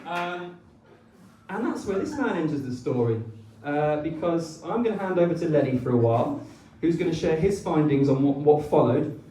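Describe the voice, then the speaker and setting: Man, wedding speech, teasing delivery with ums, slightly high voice, echoey room, distant mic. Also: expressive, background noise. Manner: teasing, with many ums and pauses. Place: wedding reception hall.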